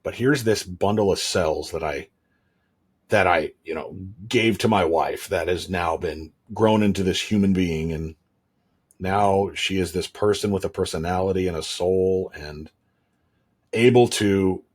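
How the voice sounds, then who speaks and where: A man with a husky, slightly low voice, chatting casually as a podcast host. He tells candid stories in a rambling way, full of restarts. He sounds like he is in his thirties. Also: measured pace. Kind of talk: casual chat.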